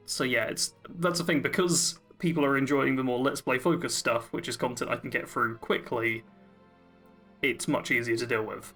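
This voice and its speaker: A man's voice: medium pitch, fairly even intonation, normal speed, bright, forceful tone, faint music behind. A man co-hosting a gaming podcast, chatty and upbeat, explaining his plans at length. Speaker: podcast co-host. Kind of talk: casual podcast chat.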